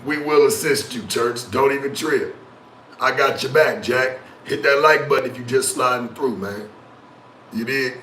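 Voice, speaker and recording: A man's voice: medium pitch, measured pace, bright, forceful tone. A man streaming a casual, profane rant to his chat, mocking someone while telling the story. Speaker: streamer and talk show host. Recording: echoey room with faint ambient noise.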